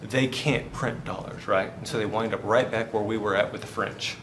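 In a lowish voice with fairly level intonation and an ordinary pace, a man teaches a university finance class. His style mixes humorous anecdotes with questions thrown out to the students, recorded in an echoing classroom with light hiss.

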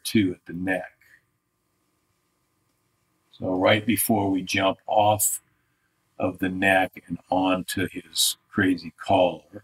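Low-voiced man teaching drawing. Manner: thinking aloud, restarts, talks over drawing on screen. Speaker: art instructor. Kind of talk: live art critique lesson.

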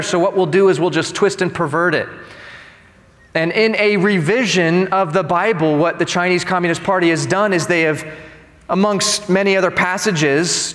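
High-voiced preaching man, reverberant hall. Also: fairly bright tone. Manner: emphatic, indignant preaching. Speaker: pastor. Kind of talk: sermon. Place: church sanctuary.

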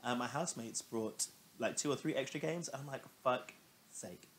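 Man, mid-pitched podcast co-host, relaxed and chatty, faint noise behind him. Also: a little fast. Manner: relaxed, chatty, laughs often. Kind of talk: casual chat.

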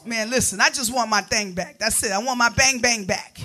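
A woman performing stand-up comedy on a club stage, telling animated stories that break into shrieks and laughter. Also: fairly high pitch, a little fast, soft background music.

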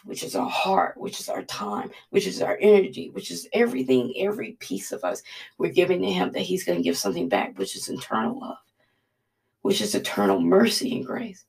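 A woman speaks a heartfelt devotional, earnest and halting, her voice catching with emotion. Her tone carries a gravelly, fry-edged texture. She sits some distance from the microphone, so the sound is a little removed. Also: fairly low pitch, lively intonation, darkish tone. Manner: Southern-style "y'all".

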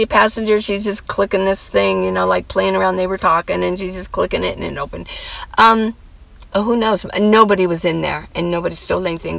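A middle-aged woman telling a story for her vlog, her voice gravelly with a touch of fry. She rambles from aside to aside and acts out what others said. The sound is dry and close, with little room echo. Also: medium pitch. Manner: rambling, chatty, full of asides and quoted dialogue. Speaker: vlogger.

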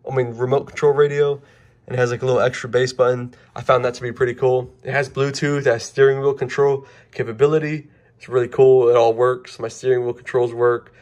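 A man's voice: mid-range voice, a little mellow. A young man casually explaining a car radio install, rambling and informal, often correcting himself. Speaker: car audio DIY reviewer.

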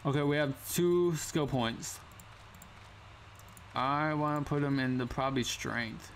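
A young man with a medium-pitched voice talks slowly with frequent pauses, and a little hiss or hum runs under the recording. Hosting a gaming channel, he gives slangy, casual commentary on a survival game, breaking into sudden startled yelps.

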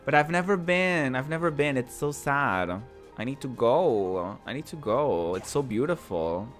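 A man's voice: mid-range voice, animated, unhurried, a bit bright, soft background music. Chatty male streamer. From northern Portugal. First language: Portuguese. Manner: chatty, rambling, repeats his words. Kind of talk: casual chat while gaming.

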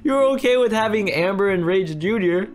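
A man's voice: sits high, expressive, brisk, voice pushed up. A man voicing an exasperated young mother in a roleplay game, arguing with her husband in a raised, indignant tone.

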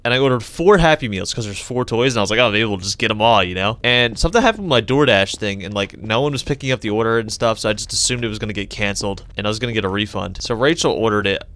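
A young man doing let's-play commentary on a horror game, joking and swearing, with sudden high yelps when startled. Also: fast, few pauses, a bit bright. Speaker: gaming YouTuber.

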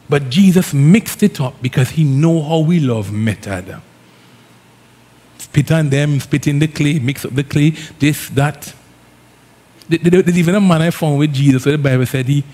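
A man with an Antiguan accent preaching a sermon as a pastor, lively and conversational, with Caribbean phrasing. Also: a little high. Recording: long hall reverb.

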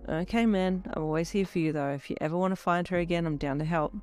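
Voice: mid-range voice, fast talker, a little mellow, faint music behind, close to an everyday voice. A reader voicing a loyal, upbeat young man who talks in a casual, chummy way. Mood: friendly.

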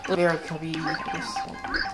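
A woman's voice: low-pitched, flat delivery, normal speed. Brief: woman gamer, chatty rambling commentary, game music behind. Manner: rambling, many fillers. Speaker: let's play commentator.

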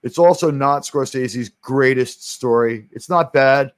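A man's voice: mid-range voice, unhurried, dry recording. A man from New York City hosting a stream, chatting casually about movies, rambling with many restarts and the odd swear word. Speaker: stream host.

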